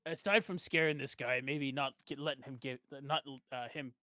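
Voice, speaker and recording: A man's voice: medium pitch, steady tone, moderate pace, sharp tone, no room sound. A man playing a tabletop role-playing game, talking in a casual, hesitant way. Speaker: player.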